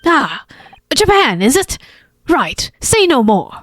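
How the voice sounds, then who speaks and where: A woman's voice: high-pitched, very animated, slow, a bit bright, slight background noise, pitched above the performer's own voice, heavily acted. A woman putting on a cocky Irish street man. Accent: put-on Irish.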